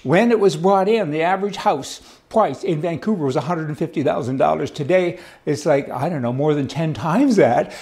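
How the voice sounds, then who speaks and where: A man's voice: fairly high pitch, moderate pace, few pauses, a little mellow. A man from Canada giving a folksy, sarcastic political monologue, speaking to his viewers with emphatic asides. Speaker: commentator.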